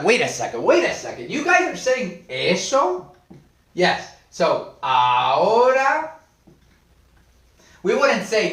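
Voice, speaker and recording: Animated male Spanish teacher, echoey room. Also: high-pitched, measured pace, long pauses. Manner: animated, playful, reads and answers viewers' comments. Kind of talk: live online language class.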